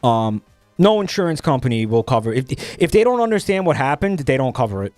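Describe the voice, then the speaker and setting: A man's voice: mid-range voice, sing-song, brisk, a little mellow, dry recording, faint music behind. A young man streaming, chatting casually while reading posts, profane and rambling with many restarts.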